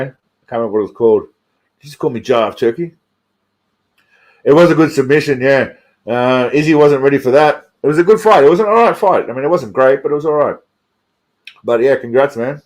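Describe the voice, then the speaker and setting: A man's voice: medium pitch, brisk. Tipsy male stream host, rambling and profane, repeats his words. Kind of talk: casual live stream chat.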